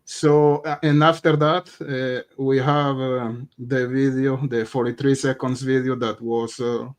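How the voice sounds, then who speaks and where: Male host, interviewer, halting, hesitant, mid-pitched voice. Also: little pitch movement. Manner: halting, many "uh" fillers and repeated words. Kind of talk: interview questions.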